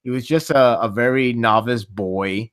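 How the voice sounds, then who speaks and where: A man hosting a podcast in casual chat, laughing often and jumping between quick tangents. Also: medium pitch, fairly bright tone. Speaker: podcast host.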